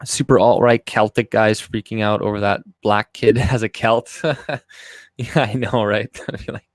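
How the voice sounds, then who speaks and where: A man with a fairly low voice hosts a casual livestream, rambling from one thought to the next with plenty of profanity. His voice sounds dry and close, with no room echo. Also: steady tone, a little slow. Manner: rambling, profane, with frequent restarts. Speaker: livestream host.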